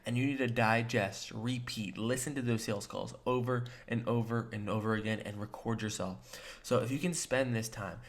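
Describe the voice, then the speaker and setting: A man giving a motivational coaching talk to new sales agents. He speaks in an emphatic, direct way, addresses the listener straight on, and acts out short quoted lines with shifts in tone. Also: mid-range voice. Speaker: sales trainer and agency co-founder.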